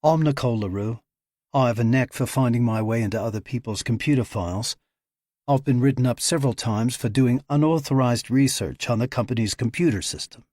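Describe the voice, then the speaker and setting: Man playing a sharp-tongued young woman hacker. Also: mid-range voice, no echo, studio quality, close to an everyday voice. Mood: wry. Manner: defiant, quick comebacks.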